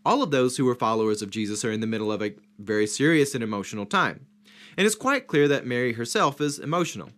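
A man's voice: medium pitch, lively intonation, fast, fairly bright tone. A man leading a Bible study, teaching point by point, posing questions and stressing key words. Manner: structured, emphatic, points and questions.

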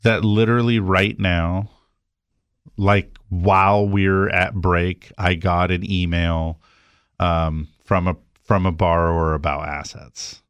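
Low-voiced man hosting a casual chat. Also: slow pace, clean tone, dry recording. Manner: rambling, animated storyteller. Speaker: podcast host, mortgage lender.

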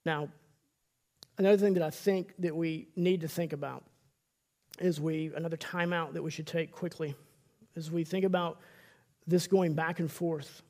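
High-voiced gravelly male preacher. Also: fairly even intonation, moderate pace, long pauses, a little mellow. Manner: emphatic, stammering restarts, acts out quoted voices. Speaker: pastor. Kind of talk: sermon.

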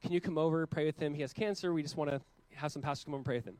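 Earnest pastor preaching, swinging loud to soft. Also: male voice, on the high side, no room sound, rough recording. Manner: earnest, rising to loud emphatic peaks and dropping to quiet, slow lines. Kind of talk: sermon.

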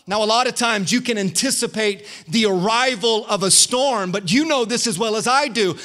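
A man's voice: high-pitched, sharp tone. A man preaching a fervent online sermon as a guest pastor, calling out to his congregation.

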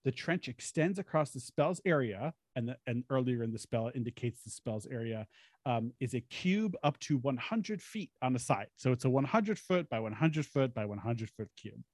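A man's voice: medium pitch, expressive, normal speed, a little mellow, no room sound, studio quality. A man hosting a podcast, animatedly telling a tabletop game story in a casual, chatty way. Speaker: podcast host.

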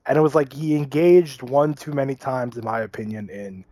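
A man's voice: mid-range voice, normal speed, warm tone, dry recording. Dry-sounding man giving opinionated analysis. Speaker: podcast co-host. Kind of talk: casual sports chat.

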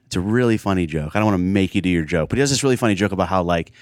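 A man, a comedian, chatting casually in a hotel room and telling lively stories, laughing often. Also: low-pitched, rapid-fire, no room sound, clean studio sound. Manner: animated storyteller, laughs often. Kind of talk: casual chat.

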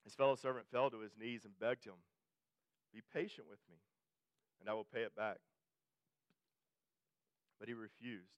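A man's voice: on the low side, fairly even intonation, normal speed, pauses often, clear, resonant tone, no room sound. A male pastor preaching a sermon in a conversational way, often restarting and repeating phrases and pushing his voice up for emphasis.

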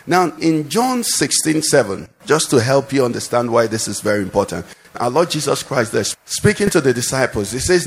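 A man preaching a sermon, often pausing with questions for the congregation to answer. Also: mid-range voice, big pitch swings, vocal fry, breathy edge. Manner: call-and-response questions to the congregation. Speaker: pastor.

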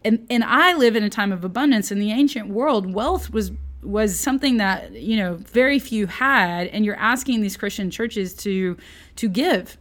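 A woman's voice: mid-range voice, normal speed. A woman giving a casual, chatty Bible lesson, playful and full of jokey asides. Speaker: Bible teacher.

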